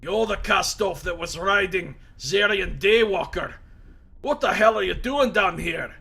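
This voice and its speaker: Gruff growling cyborg scavenger, pitched up and loud, as a male streamer voices him for a game. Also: lively intonation, measured pace, full character voice.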